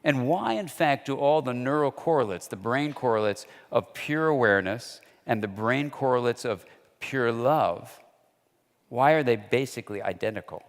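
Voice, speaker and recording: A man's voice: mid-range voice, lively intonation, moderate pace. A man giving a lecture in a conversational, storytelling way. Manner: conversational storyteller, acts out quoted dialogue. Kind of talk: lecture with anecdotes. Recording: long hall reverb.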